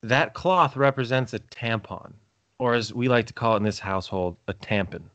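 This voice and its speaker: A man's voice: medium pitch, moderate pace, fairly bright tone, no echo. A young man co-hosting a podcast, rambling in crude casual chat, cursing and joking. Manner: rambling, profane, jokey, laughs a lot. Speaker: podcast co-host.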